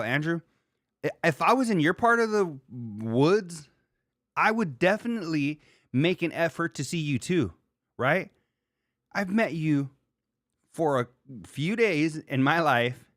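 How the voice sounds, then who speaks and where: A man's voice: a little high, a bit bright, dry recording. Rambling, dry-voiced man hosting a livestream. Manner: loose and rambling, swears casually. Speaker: livestream host. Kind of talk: casual solo livestream chat reading viewer comments.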